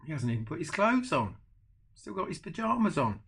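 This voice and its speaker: An older man, a grandfather, reading a picture book aloud to his grandchildren with animated asides. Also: fairly high pitch, fairly quick, gravelly, a little hiss or hum. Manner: animated, adds chatty asides to the children. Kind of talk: bedtime storybook reading.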